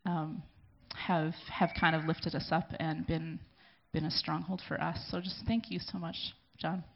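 A woman with a gravelly, creaky edge to her voice gives an emotional thank-you speech at a church gathering. She speaks haltingly and pauses to collect herself. The recording sounds dull and lo-fi. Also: low-pitched, level tone, a little hiss or hum. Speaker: church community leader. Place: gathering in a room.

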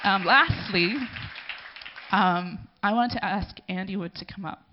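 A woman from a church community, giving a halting, heartfelt thank-you speech at a gathering and pausing to gather herself. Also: mid-range voice, a crowd in the background, noisy background. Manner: emotional, halting, speaking with pauses to gather herself. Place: gathering in a room. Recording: dull lo-fi recording.

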